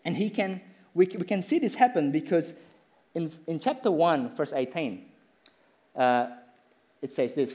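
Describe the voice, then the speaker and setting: A man preaching a sermon in church, emphatic and animated, repeating phrases as he builds his points. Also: on the high side, measured pace.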